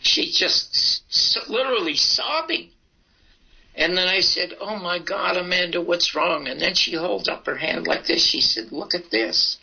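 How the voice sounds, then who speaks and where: A man's voice: high voice, moderate pace, gravelly, breathy edge, dull audio. An older man telling stories in an interview, acting out the dialogue in his anecdotes. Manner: animated, acts out dialogue in his story. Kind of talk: anecdotal storytelling.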